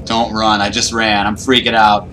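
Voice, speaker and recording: A man's voice: fairly low pitch, level tone, normal speed, bright, forceful tone, a little hiss or hum. A man giving nervous, panicky running commentary while playing a horror game. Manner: nervous, panicky self-talk. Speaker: gaming YouTuber.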